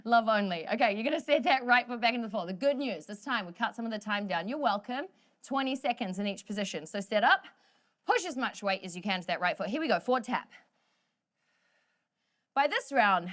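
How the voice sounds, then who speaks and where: A woman's voice: a little high, big pitch swings, moderate pace, a bit bright. Upbeat woman coaching a workout. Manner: upbeat, joking, counts down reps. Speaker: fitness instructor.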